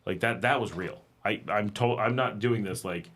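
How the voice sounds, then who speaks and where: A man hosting a casual livestream, talking in a conversational, animated way and acting out exasperated quotes. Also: fairly low pitch, normal speed, few pauses. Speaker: livestream host. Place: home in Nicaragua.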